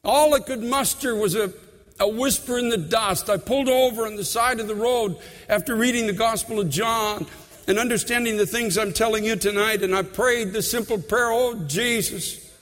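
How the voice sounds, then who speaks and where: Male preacher, high tenor, fervent testimony style, echoing sanctuary sound. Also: normal speed, soft background music. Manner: fervent, repeats phrases, swings between hushed and loud. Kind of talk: sermon with personal testimony.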